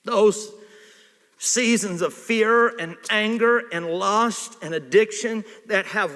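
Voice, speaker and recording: A man preaching a sermon in an animated way, swinging from hushed asides to shouts. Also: high voice, takes it slowly. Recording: reverberant hall.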